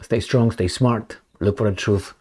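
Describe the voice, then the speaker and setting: A man's voice: fairly low pitch, fairly even intonation, measured pace, dark tone, husky. A man giving a casual solo commentary, blunt and rambling, with sarcastic asides and mocking put-on voices for quoted talk. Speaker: political commentator.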